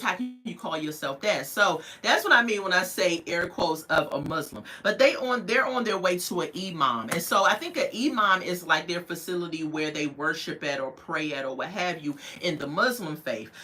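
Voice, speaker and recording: A woman's voice: fairly low pitch, lively intonation, normal speed, few pauses, pushed and bright, rough recording. A woman recapping a reality TV episode in casual chat, telling it as a story and acting out the people she quotes with playful asides.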